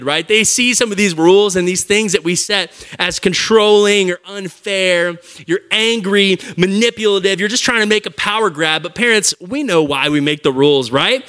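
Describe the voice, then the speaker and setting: A man preaching an energetic, conversational sermon to a live audience, joking and speaking directly to them. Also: sits high, normal speed, few pauses. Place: church service before a live audience.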